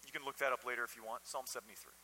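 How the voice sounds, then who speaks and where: Bright-voiced pastor in a reverberant hall. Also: male voice, medium pitch, fairly even intonation, racing, husky. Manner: talks directly to the congregation with frequent questions. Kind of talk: conversational sermon.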